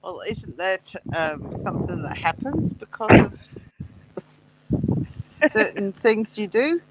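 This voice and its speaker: Slow, lively-pitched guest on a live chat. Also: noisy background. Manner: laughs often, lively reactions. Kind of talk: casual live discussion.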